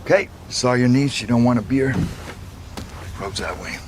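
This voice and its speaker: An actor playing a bitter, down-on-his-luck man who speaks in a sardonic, gruff way. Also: medium pitch, normal speed, lightly acted. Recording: film clip with background noise.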